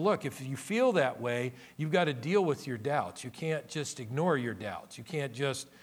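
An older man preaching a sermon as a pastor, earnest, his voice swelling louder on key phrases. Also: on the high side.

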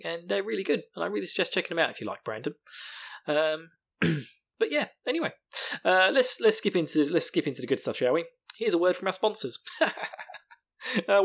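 A man's voice: mid-range voice, vocal fry, fairly bright tone. Male podcast host, young adult, loose and profane, rambles off on tangents. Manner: rambling, swearing, laughing at his own jokes. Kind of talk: casual solo podcast chat.

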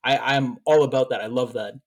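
A man's voice: medium pitch, fairly even intonation, fairly quick. A man co-hosting a podcast in casual chat, telling a long story with repeated words, emotional and a little out of breath. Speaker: podcast co-host.

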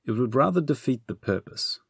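A man's voice: mid-range voice, lively intonation, fairly quick, gravelly, fairly bright tone, husky, dry recording, clean studio sound, pitched above the performer's own voice, exaggerated voice. Dipple, a man doing a cheeky scheming young hero. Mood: breezy. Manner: chatty, upbeat.

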